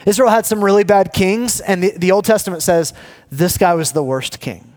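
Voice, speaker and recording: A man preaching a sermon, telling the story with animated energy, restarting and repeating words, and dropping low and quiet when he reads scripture. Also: moderate pace. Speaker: pastor teaching a sermon series.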